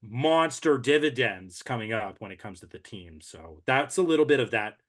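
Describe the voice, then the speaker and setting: A man's voice: medium pitch, animated, moderate pace. A man earnestly and emotionally recounting a breakthrough moment during an ultramarathon, in a reflective, conversational way. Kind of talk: casual conversational recap.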